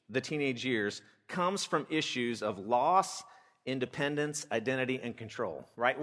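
A man's voice: medium pitch, a bit bright. A man in his forties, a pastor teaching parents, who talks candidly and conversationally and asks his listeners rhetorical questions. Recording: long reverb of a church hall.

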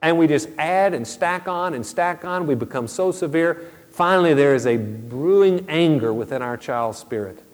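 Earnest middle-aged preacher in a reverberant hall. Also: male voice, a little high, expressive, moderate pace. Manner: earnest, conversational preaching with storytelling asides. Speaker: pastor. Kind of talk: sermon. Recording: long reverb of a large hall.

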